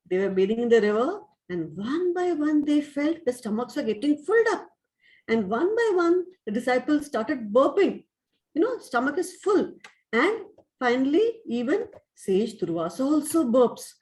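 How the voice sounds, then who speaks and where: A woman, a spiritual teacher telling a story as a lesson with a lively, expressive manner. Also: sits high, a little slow, rough recording.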